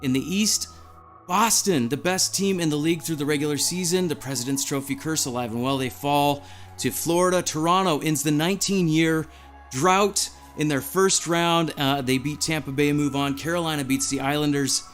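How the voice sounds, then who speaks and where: A man hosting a live stream, giddy and out of breath, reading chat messages aloud in an excited chat. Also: a little high, normal speed, faint music behind.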